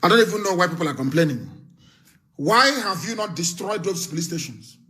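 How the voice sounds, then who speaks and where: A middle-aged Nigerian man delivering a fiery live political broadcast, threatening and lecturing, repeating his warnings with sudden shouts. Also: high voice, big pitch swings, fairly quick, a little hiss or hum. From southeastern Nigeria.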